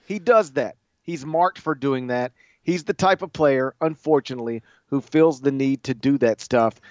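A man hosting a late-night sports podcast, telling stories with lively acted-out quotes. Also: mid-range voice, normal speed, no room sound, lo-fi sound. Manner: animated storytelling, acts out quotes with shouts. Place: studio.

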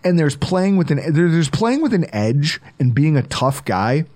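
Animated man hosting a sports podcast. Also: fairly high pitch, moderate pace. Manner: animated, joking, riffing and laughing. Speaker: podcast host. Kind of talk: casual sports podcast chat.

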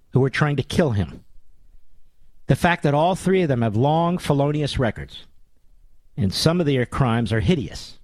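Brief: man hosting a talk radio monologue, combative and sarcastic, fairly high voice with a lively, swinging delivery. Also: dry recording. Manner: combative and sarcastic, with mocking nicknames.

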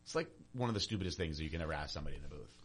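A man's voice: extremely low pitch, expressive, breathy edge. A man co-hosting a podcast in casual chat, telling stories with dry, sarcastic jokes. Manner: fast, joking, sarcastic storyteller. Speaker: podcast co-host.

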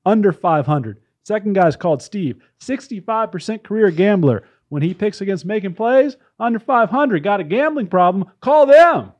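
High-voiced man hamming up a fake sales pitch. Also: animated, a little mellow. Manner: fast-talking huckster bravado. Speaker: podcast co-host. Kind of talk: mock infomercial pitch, casual chat.

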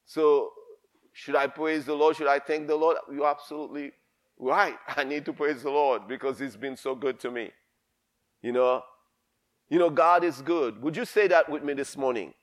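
Middle-aged male pastor, higher-pitched, fervent call-and-response sermon delivery. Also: steady tone, normal speed. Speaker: preacher.

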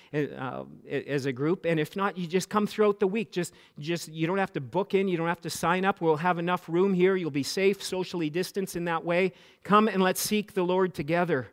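Pastor guy preaching, kinda high voice, gets fired up then goes quiet and slow to pray. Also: clean tone. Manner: impassioned when retelling, hushed and slow in prayer. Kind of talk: sermon.

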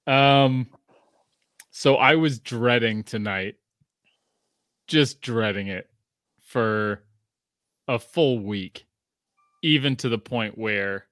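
A man from Australia chats casually as a podcast host, his voice bright and forward. He rambles with many fillers and restarts. The sound is dry and close, with no room around him. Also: medium pitch, very slow, long pauses, no echo. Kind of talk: casual chat.

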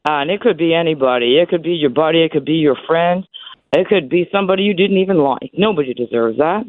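A woman's voice: deep voice, fast, no echo. A woman in her sixties calling in to a radio show, talking emphatically with emotion. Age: 60s. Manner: emotional, emphatic, repeating herself. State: voice breaking with emotion. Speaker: caller. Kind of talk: call-in radio chat. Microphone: telephone. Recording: tinny phone line.

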